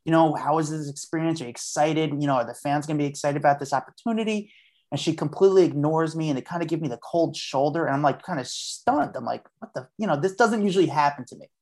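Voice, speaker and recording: A man's voice: on the high side, fast, darkish tone. A man as a podcast guest, a street journalist telling a story in a chatty way and acting out what he said at the time. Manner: chatty, acts out his own past lines. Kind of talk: casual storytelling.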